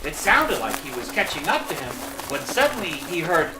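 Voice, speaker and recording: A narrator reading a children's storybook aloud in an expressive, lively storytelling manner. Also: mid-range voice, normal speed, hardly any pauses, echoey room, noisy background.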